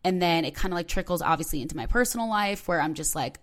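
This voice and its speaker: A woman's voice: lowish voice, animated, fast talker. A young woman hosting her podcast alone, talking casually and emotionally, filling her sentences with "like" and sounding close to tears. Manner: emotional, rambling, heavy use of "like". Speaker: podcast host. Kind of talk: casual solo podcast talk.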